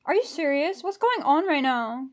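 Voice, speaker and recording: A woman vlogging live as she tries to buy concert tickets, anxious and excitable, swinging from shrieks to mutters. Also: high-pitched, normal speed. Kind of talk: live reaction vlog.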